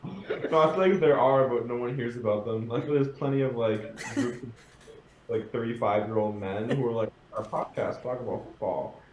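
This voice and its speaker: A man's voice: medium pitch, a little fast, darkish tone. A man guesting on a podcast, laid-back, with dry jokes. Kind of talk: casual chat. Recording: roomy echo with faint noise.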